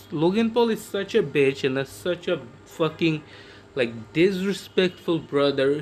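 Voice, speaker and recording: A man's voice: a little high, a little hiss or hum. Ranting young man, profane and rambling. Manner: rambling, profane, frequent restarts. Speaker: vlogger. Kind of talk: casual storytelling rant.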